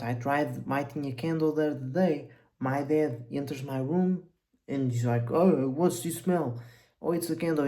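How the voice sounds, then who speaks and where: A man's voice: mid-range voice, dark tone, rough recording. A young man giving a blunt, profane motivational monologue as a coach, rambling and intense.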